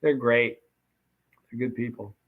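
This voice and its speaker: The audio is narrow and tinny as a man with a steady, mid-range voice speaks a little slowly. He's hosting a late-night livestream, chatting casually while reading comments and thanking viewers by name.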